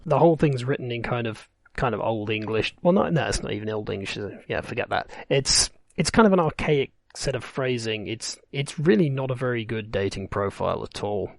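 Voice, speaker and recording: A man's voice: mid-range voice, animated, brisk, creaky, hardly any pauses, no room sound, clean studio sound. A man running a tabletop game, narrating in a rambling, wry way that corrects itself as it goes. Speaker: game master.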